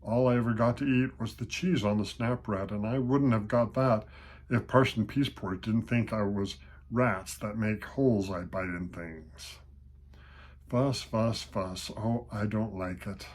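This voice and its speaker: An older man with a husky voice voicing a poor, hungry little male church mouse who talks plaintively. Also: on the low side, unhurried, slight background noise, close to an everyday voice. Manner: timid, plaintive, rhyming.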